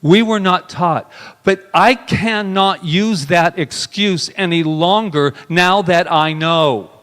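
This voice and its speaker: A male minister giving a sermon, talking intimately and emotionally, sliding from soft murmurs into raised bursts. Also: high-pitched, takes it slowly. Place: spiritual center sanctuary. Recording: long hall reverb.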